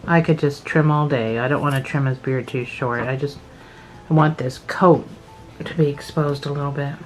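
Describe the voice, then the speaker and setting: A woman's voice: a bass voice, moderate pace, soft background music, rough recording. Chatty Scottish woman teaching crochet. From Scotland. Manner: chatty and self-deprecating, thinking aloud. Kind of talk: casual step-by-step craft tutorial.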